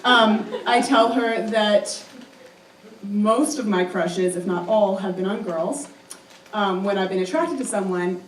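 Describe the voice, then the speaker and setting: Recorded from afar in a roomy live hall with a little hiss or hum, a young adult woman with a medium-pitched voice tells a personal story on stage. She's chatty and self-mocking, peppering her speech with "um" and "like".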